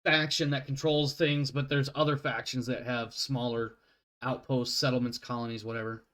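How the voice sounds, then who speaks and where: A man's voice: medium pitch, little pitch movement, moderate pace, a bit bright. A man running a tabletop game as game master, rambling and often stopping to apologize. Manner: rambling, self-interrupting, apologetic.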